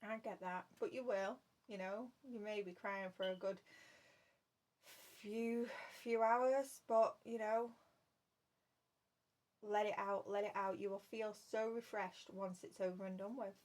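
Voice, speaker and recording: A woman's voice: mid-range voice, steady tone, measured pace, a little mellow. A woman giving a spoken tarot reading to her viewers, earnest and repeating her phrases. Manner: earnest, repeats phrases, addresses listener as love. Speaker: tarot reader.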